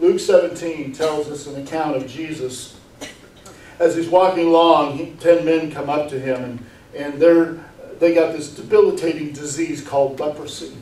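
A man's voice: fairly high pitch, fairly even intonation, measured pace, darkish tone. A man preaching a sermon as pastor, earnest and full of rhetorical questions, often repeating words as he goes. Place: church sanctuary. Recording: echoey room, mic far off.

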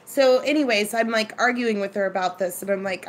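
A chatty woman hosts a relaxed cooking live stream from her kitchen, greeting viewers and telling stories in an easy, conversational manner. Her medium-pitched voice moves briskly, with a faint hum of room noise in the background.

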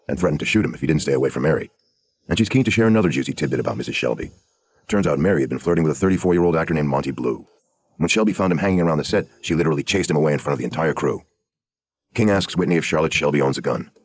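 Very deep, husky true crime narrator. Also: male voice, a little mellow. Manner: brisk, hard-boiled storytelling.

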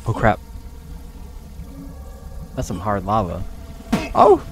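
A man casually commenting while he plays a game on a close desk mic, jumping to high yelps when startled. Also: expressive, moderate pace. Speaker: gaming streamer. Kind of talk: casual let's-play commentary. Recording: game music underneath.

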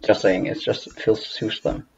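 A man's voice: lowish voice, flat delivery, moderate pace, gravelly, a little mellow, muffled recording, a little hiss or hum. A man streaming a building game with a friend, chatting casually, joking and laughing often. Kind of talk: casual chat while gaming.

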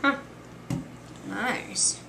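A woman's voice: drawn-out words, background noise. A woman hosting a casual home cooking video, chatty and enthusiastic as she works in her kitchen.

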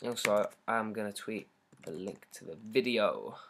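A teenage boy with a British accent hosts a casual livestream for his fans. He reads their comments aloud in an excitable, rambling, jokey way, over a laptop mic. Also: on the low side, measured pace, gravelly, a little hiss or hum. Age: teens. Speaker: singer hosting a fan livestream. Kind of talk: casual livestream chat reading fan comments.

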